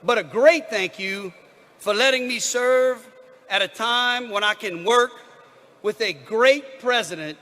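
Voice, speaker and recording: A man giving a loud, rousing political speech at a rally, pausing between phrases. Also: very high voice, big-room sound.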